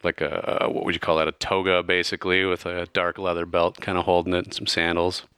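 A man's voice: sits low, level tone, brisk, a bit bright, smooth, no room sound, clean studio sound. A man narrating a tabletop game as game master in a casual, loose way, with plenty of fillers.

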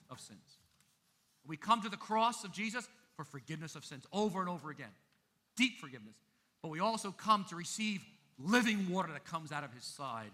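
Bright-voiced, emphatic male pastor. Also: a little high. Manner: emphatic, with big swings in loudness. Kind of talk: sermon.

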